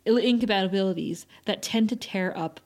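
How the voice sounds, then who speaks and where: A woman's voice: mid-range voice, moderate pace, a little mellow, close to an everyday voice. A woman reading out the lines of a menacing male demon biker leader, with sneering threats and little change from her own voice.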